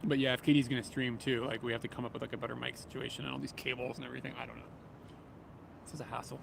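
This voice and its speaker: A man with a creaky, mid-range voice talks very fast while livestreaming as he walks through a city near train tracks. Relaxed and rambling, he chuckles a lot and reads out viewer comments. His small camera-mounted mic picks up street noise, passing vehicles and trains.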